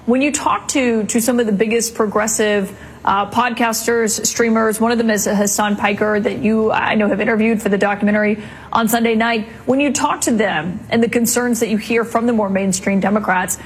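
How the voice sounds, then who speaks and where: A woman's voice: fairly high pitch, steady tone, moderate pace, a little hiss or hum, low-quality recording. Polished female TV news anchor. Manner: polished, questioning. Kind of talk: TV news interview.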